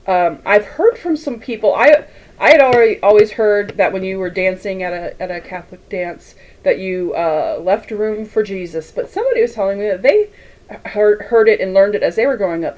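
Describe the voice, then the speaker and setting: A woman's voice: medium pitch, lively intonation, normal speed, darkish tone, rough recording. A woman hosting a quilting livestream, chatting casually and rambling while she sews, reading viewer comments aloud and laughing often. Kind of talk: casual chat while sewing.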